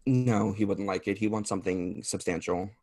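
Rambling low-voiced man, chatty guest. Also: normal speed, darkish tone, husky, dry recording, clean studio sound. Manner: rambling, self-deprecating, laughs often. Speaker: podcast guest. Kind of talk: casual chat.

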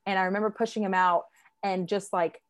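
A woman's voice: medium pitch, steady tone, fairly quick. Chatty young woman telling a story. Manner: chatty, many fillers, acts out quoted voices. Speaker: guest sharing a birth story. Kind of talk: casual storytelling chat.

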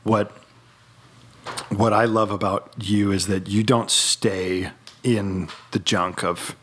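A man's voice: fairly low pitch, fairly even intonation, slow pace, a bit bright, a little hiss or hum. A young man co-hosting a Christian podcast, speaking in an encouraging, reflective way in casual chat. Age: young adult. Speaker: podcast co-host.

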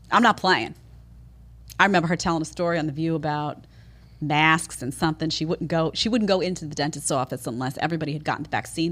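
A woman from New York hosting a podcast, giving opinionated, sarcastic commentary. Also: deep voice. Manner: sarcastic, animated, mocking impressions. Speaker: podcast host.

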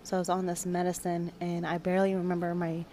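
A young woman hosting a podcast, talking in a halting, confessional way as she shares a personal story. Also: fairly low pitch, monotone, dark tone, a little hiss or hum, rough recording. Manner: emotional, confessional, halting with restarts. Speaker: podcast host.

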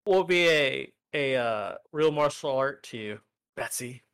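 A man's voice: mid-range voice, lively intonation, unhurried, a bit bright, smooth, no echo, studio quality. Joking man co-hosting a stream. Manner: joking, self-deprecating banter. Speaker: podcast co-host. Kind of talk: casual chat.

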